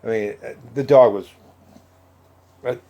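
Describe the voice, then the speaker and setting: This man's voice is lowish and steady, and he takes his time telling a personal story in a relaxed, chatty way. He voices other people's lines and uses plenty of fillers, and the recording has its highs cut off.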